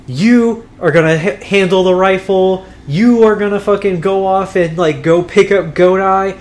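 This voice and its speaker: A man's voice: sits high, measured pace, pitched above the performer's own voice. A man voicing a male police detective briefing his squad, bossy and profane. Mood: commanding.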